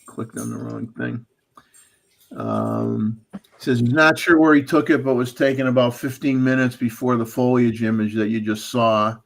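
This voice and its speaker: This livestream host talks photography in a relaxed, chatty way, reading out viewer photo details and camera settings. He's a man with a gravelly, mid-range voice at normal speed, keeping it casual chat.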